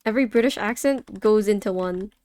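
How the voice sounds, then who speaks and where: A woman's voice: mid-range voice, brisk, darkish tone. A young woman casually chatting while drawing live, laughing and swearing offhandedly as she answers chat. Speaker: art streamer.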